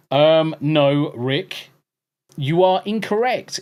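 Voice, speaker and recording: Reading out chat, this English podcast host trades laughing, profane banter in a casual conversation. His voice is a little high with lively intonation, and he speaks at a slow pace.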